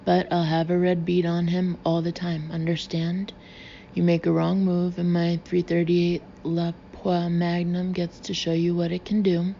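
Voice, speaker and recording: A confident man shouts demands and threats in a loud, booming, authoritative voice, as a woman narrator acts him out. The sound is slightly muffled, with a low hiss behind it. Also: monotone, unhurried, vocal fry. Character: bold commanding male auditor posing as gunman. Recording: slightly dull recording with faint hiss.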